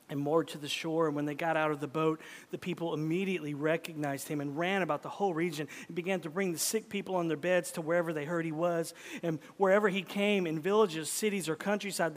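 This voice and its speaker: A man preaching a sermon as pastor, swinging from loud urgent pleading to soft, whispered tenderness. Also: fairly high pitch. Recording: long hall reverb.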